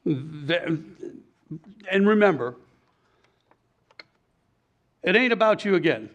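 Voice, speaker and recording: A man's voice: fairly high pitch, animated, slow, pauses often, fairly bright tone, dull audio. A middle-aged man, a fishing guide giving blunt, folksy advice and telling stories in a casual talk.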